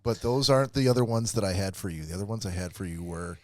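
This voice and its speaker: A man's voice: on the low side, fast, a little mellow, no room sound, studio quality. Upbeat man hosting a podcast. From Michigan. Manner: upbeat, laughing, emcee-style. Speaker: podcast host. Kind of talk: casual comedic podcast chat.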